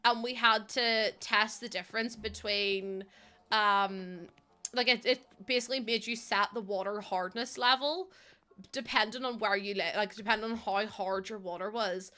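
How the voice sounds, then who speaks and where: A woman's voice: medium pitch, fairly even intonation, normal speed, bright, forceful tone. A young woman with a Northern Irish accent, chatting casually with her live stream viewers, laughing often and answering their comments. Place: home streaming setup.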